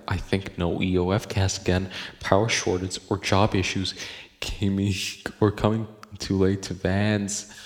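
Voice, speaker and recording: A man's voice: deep voice, long reverb tail. A man hosting a casual podcast from home, rambling and joking with lots of profanity and laughter. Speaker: podcast host. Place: home room.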